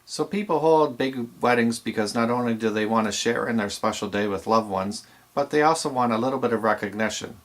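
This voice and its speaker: A DJ instructor with a lowish, fairly quick and fairly bright voice speaks in an instructional video. He teaches aspiring DJs plainly and explanatorily, using some fillers.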